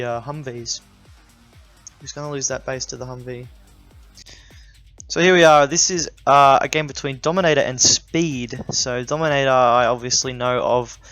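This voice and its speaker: A man casting a strategy game replay in casual commentary, thinking aloud and breaking into excited exclamations. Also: mid-range voice. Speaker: gaming YouTuber casting a replay.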